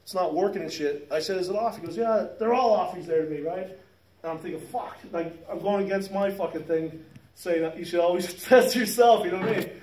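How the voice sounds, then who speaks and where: A man's voice: sits high, fairly quick, darkish tone. A man in his fifties telling a rambling, profane work story in casual chat, laughing as he goes. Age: 50s. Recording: roomy sound from a distant mic.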